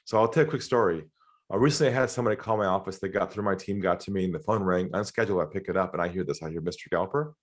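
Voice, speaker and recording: Animated, lower-voiced male sales trainer. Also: rapid-fire. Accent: Australian. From Australia. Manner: animated storyteller, acts out quoted voices, laughs often. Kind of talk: storytelling interview talk.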